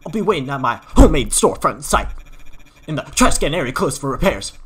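Brief: man putting on a slick, loud scammer salesman, lots of up-and-down pitch. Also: sing-song, brisk, breathy edge. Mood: smug. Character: fast-talking scammer salesman spam figure, pushy.

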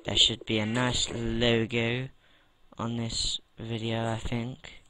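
Brief: UK man, let's-play commentator, unhurried and chatty, mid-pitched. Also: completely flat delivery, pushed and bright, slight background noise. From United Kingdom. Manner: rambling, chatty, with mild swearing. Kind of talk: casual gameplay commentary.

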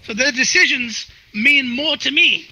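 A man with an unusually high voice, very bright and sharp-edged, rambles through casual stories on a headset mic and repeats words as he talks. Faint music sits underneath the conversation. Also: measured pace, slightly rough, poor audio. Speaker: interview guest, streamer. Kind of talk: casual chat. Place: online virtual world session.

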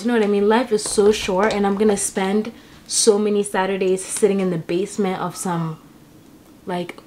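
A woman's voice: medium pitch, dark tone. Young woman vlogging at home, rambly storytelling, lots of "like", faint hiss behind. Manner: chatty, storytelling, lots of "like" fillers. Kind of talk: casual chat to camera while getting ready. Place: apartment.

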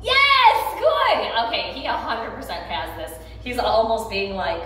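A woman's voice: medium pitch, moderate pace, a little hiss or hum. Chatty woman dog trainer in a roomy space. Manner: chatty, upbeat, loose with fillers and restarts. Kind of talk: casual instructional narration. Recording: roomy, distant phone or camera mic.

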